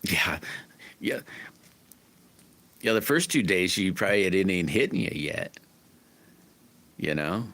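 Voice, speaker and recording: A man's voice: sits low, expressive, a little slow, long pauses, fairly bright tone. A middle-aged man hosting a livestream, chatting casually with viewers in a folksy, rambling way full of restarts. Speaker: livestream host.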